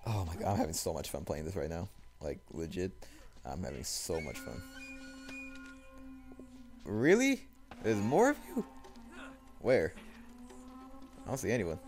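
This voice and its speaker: A man's voice: sits low, animated, normal speed, long pauses. A young man commenting casually on a game he is playing, swearing, joking and talking to himself. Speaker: gameplay commentator. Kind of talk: let's play commentary. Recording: game music behind the voice. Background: game music.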